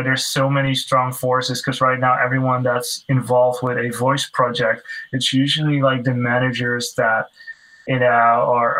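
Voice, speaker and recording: A man with a bright, forward voice, talking through his points loosely in a podcast chat. He leans on fillers like "you know" and "like" and restarts his sentences often. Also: mid-range voice, low-quality recording. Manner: loose, filler-heavy explaining. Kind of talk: casual podcast discussion.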